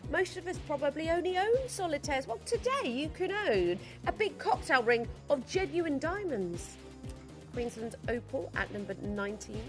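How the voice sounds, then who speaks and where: A woman sells jewellery live from a TV studio. Her voice sits somewhat high and swoops constantly as she gushes and chats through her sales pitch with plenty of asides. Faint music plays underneath. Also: big pitch swings, moderate pace. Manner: gushing, chatty sales patter with frequent asides. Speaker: shopping channel presenter.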